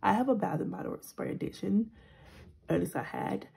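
A woman in her thirties with a very husky, breathy voice and a gravelly edge. She talks in a soft, chatty vlog style and often drops to a whisper while counting bills. Her tone is dark and mellow. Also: mid-range voice, expressive, fairly quick, low-quality recording. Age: 30s. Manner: chatty, vents in a rambling way. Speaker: budgeting vlogger. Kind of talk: casual vlog chat.

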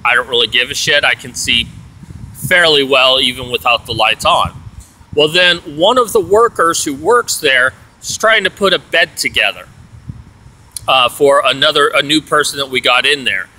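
A man's voice: medium pitch, moderate pace, pushed and bright, rough recording. A man telling an aggrieved story in a rambling, casual rant, full of "you know"s. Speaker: vlogger.

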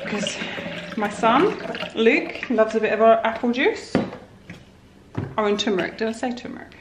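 In her echoey home kitchen, with clear background noise, a woman films a rambling, homely vlog. Her voice is a little high and expressive, moving at a moderate pace as she chats casually.

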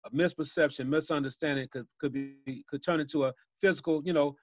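Man, guest speaker, folksy storyteller, slightly high voice, muffled dry call audio. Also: fairly even intonation, a little fast, soft background music. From Chicago. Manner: folksy storyteller, laughs at his own tales. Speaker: violence prevention guest speaker. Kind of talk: storytelling on a webinar.

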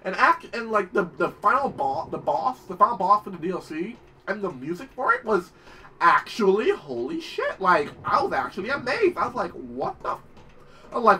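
Young male let's-player, excitable and profane, a bit off mic over clear background noise. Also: sits high, moderate pace, recorded from a distance. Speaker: gaming channel host. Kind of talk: let's play commentary.

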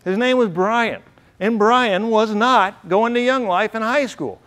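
A middle-aged man speaks at a banquet hall, telling stories earnestly and from the heart. His voice sits a little higher than most men's. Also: a little slow, a bit bright. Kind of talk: storytelling speech.

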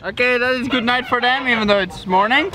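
A man's voice: very high voice, brisk, background noise. A man in his twenties on a snowy farm, explaining things in an easygoing way with many fillers. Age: 20s. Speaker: vlogger. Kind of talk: casual vlog talk.

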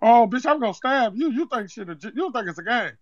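A man's voice: very high voice, animated, fast, no echo. A man voicing an irate young male customer with a put-on accent in a prank call, threatening and demanding in street slang. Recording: muffled phone-call recording.

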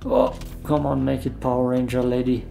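A man's voice: mid-range voice, flat delivery, normal speed, vocal fry, dark tone. A man giving casual, self-deprecating play-by-play commentary while playing a shooter game. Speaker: gamer. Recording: faint music underneath.

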